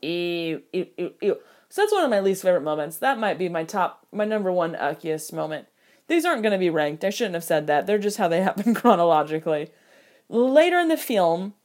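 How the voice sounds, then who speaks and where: A woman giving casual film commentary, animated and jokey, with mock outrage and quick impressions of characters. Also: fairly low pitch. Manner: quoting characters in quick put-on voices. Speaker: film reviewer.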